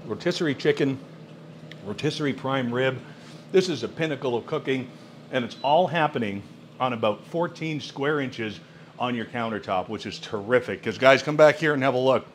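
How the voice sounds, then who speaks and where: A man hosting a cooking vlog, demonstrating a kitchen appliance at home with excited exclamations and frequent laughs. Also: mid-range voice, moderate pace, a little hiss or hum. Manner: enthusiastic, exclamatory, laughing often. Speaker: cooking channel host. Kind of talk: product demo cooking vlog.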